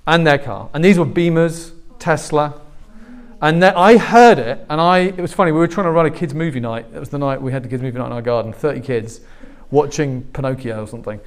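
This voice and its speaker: Pastor, forties, man, higher-pitched voice, lively storytelling sermon. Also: fairly quick. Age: 40s. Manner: animated storytelling, acting out quoted voices.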